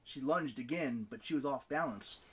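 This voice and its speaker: A man reading a novel aloud as an audiobook narrator, with animated, expressive delivery. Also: mid-range voice, moderate pace, husky.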